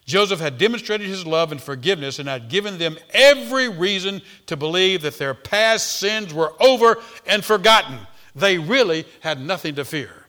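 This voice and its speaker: A man preaching a sermon, swinging between loud emphasis and hushed tones, and repeating words as he speaks off the cuff. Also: fairly high pitch, animated, moderate pace, hardly any pauses.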